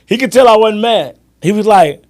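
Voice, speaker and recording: Guy on a sports podcast, kinda high voice, gets loud and laughs acting out his buddies. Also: normal speed. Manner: animated storyteller, acts out friends' lines, laughs often. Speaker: podcast host. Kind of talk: casual sports chat.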